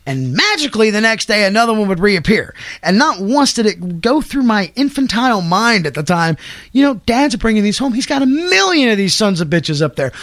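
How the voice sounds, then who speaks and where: Middle-aged guy cussing and laughing through stories, high voice that jumps around a lot, dry close mic. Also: fairly quick, dry recording. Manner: profane, animated, laughs a lot. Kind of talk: casual storytelling chat.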